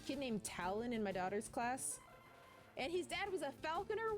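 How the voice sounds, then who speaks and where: A woman's voice: sits high, very animated, moderate pace, music in the background. A woman streaming a game at home, chatting casually and rambling, often laughing while she reads chat aloud. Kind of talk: casual let's-play chat, reading chat aloud.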